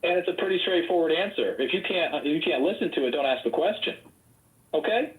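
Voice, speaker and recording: A man with a fairly high voice rants and argues combatively, holding forth loudly as a political candidate. His voice sounds roomy and echoey, as if captured in a reverberant space over a voice chat. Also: lively intonation, fast talker. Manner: loud, ranting, combative. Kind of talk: heated debate in a voice chat.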